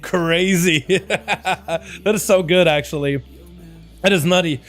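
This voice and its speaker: Hoarse man streaming a game. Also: high-pitched, takes it slowly, fairly bright tone, faint music behind. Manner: friendly, addresses chat as boys. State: hoarse, scratchy voice. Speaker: streamer and match caster. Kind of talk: live game stream with play-by-play commentary.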